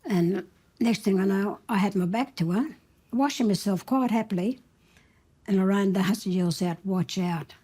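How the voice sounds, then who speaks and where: Husky and dark in tone, this mid-range voice belongs to a woman in her seventies with an Australian accent. Speaking at a normal speed, she's an interviewee telling the story of her childhood. She's plain-spoken and blunt, with a streak of dry defiance.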